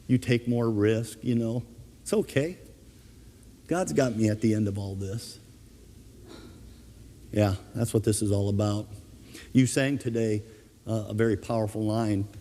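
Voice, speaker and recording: A man's voice: fairly low pitch, a little slow, pauses often, long reverb tail. Earnest man preaching in a church. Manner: earnest, animated preaching with told anecdotes. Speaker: pastor. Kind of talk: sermon.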